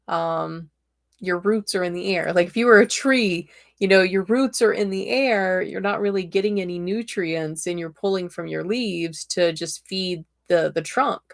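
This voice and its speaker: A woman's voice: fairly low pitch, normal speed, gravelly. A woman host giving live-streamed tarot readings in a chatty, direct and encouraging way, with a tickle in her throat.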